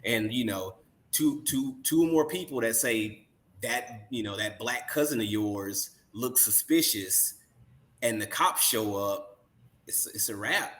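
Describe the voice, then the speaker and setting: A man's voice: on the low side, animated, unhurried, a bit bright. A man co-hosting a podcast, speaking earnestly and casually with frequent "you know"s. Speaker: podcast co-host. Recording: echoey room.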